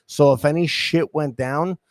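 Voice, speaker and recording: A man's voice: fairly high pitch, moderate pace, no echo. A man hosting a casual chat, telling crude stories with lots of swearing. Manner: profane, animated storytelling. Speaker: podcast host.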